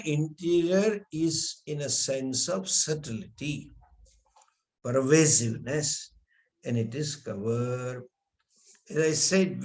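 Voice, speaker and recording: A man teaching scripture, explaining slowly with Sanskrit terms and frequent restarts. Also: a little high, darkish tone. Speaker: spiritual teacher. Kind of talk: scripture lecture.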